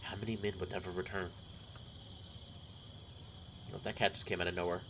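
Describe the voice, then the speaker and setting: A man's voice: low voice, little pitch movement, brisk, background noise. A man casually reading a visual novel aloud and chatting about it as he plays, with fillers and rambling asides. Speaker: game streamer. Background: game music.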